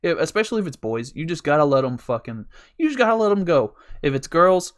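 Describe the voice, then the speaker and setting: A man's voice: a little high, sing-song, quick pace. A young man hosting a podcast, telling a long rambling story in casual chat, swearing a lot and laughing as he goes. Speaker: podcast host.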